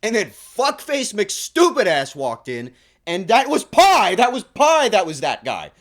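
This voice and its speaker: A man ranting on his stream, exasperated and breaking into loud laughing yells. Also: high-pitched, wildly swooping pitch, a little slow. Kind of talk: casual stream chat.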